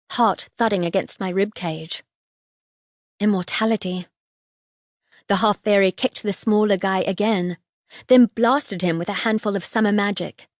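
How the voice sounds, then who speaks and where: A woman's voice: medium pitch, no room sound. Woman narrating a fantasy audiobook, dry sound. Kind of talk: first-person audiobook narration.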